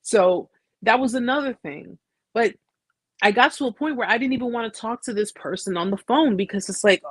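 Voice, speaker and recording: A woman's voice: a little high, fairly quick, husky, no echo. An American woman hosting a live chat, telling her story in a casual, blunt way with slang and frequent restarts. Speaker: host.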